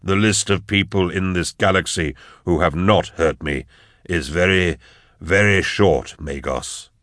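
A man voicing a cold, weary male investigator in an audiobook, speaking in curt, flat phrases. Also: deep voice, a little slow, no echo, studio quality. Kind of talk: audiobook narration.

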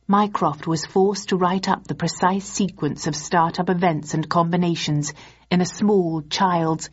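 Husky woman reading a novel aloud. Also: low-pitched, highs cut off. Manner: even, measured storytelling. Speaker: audiobook narrator. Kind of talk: scripted narration.

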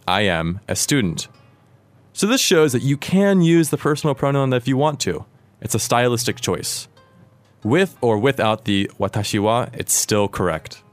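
An American man who speaks English natively, hosting a language lesson and patiently explaining Japanese grammar. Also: on the low side. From United States. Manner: patient, clear explanatory teaching. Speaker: language course host.

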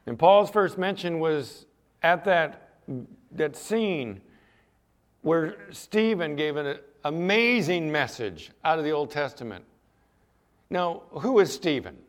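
A man's voice: a little high, expressive, slow. A man preaching a sermon as pastor, talking conversationally and putting questions to the congregation.

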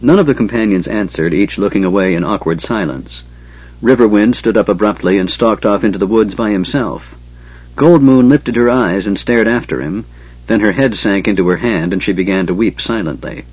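Male narrator, fantasy audiobook, measured, husky, dull lo-fi audio. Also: low voice, a little mellow, no room sound.

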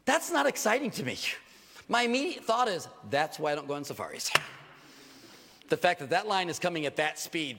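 An older man, a pastor delivering a sermon with animated, joking stories and acted asides. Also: a little high, creaky, big-room sound.

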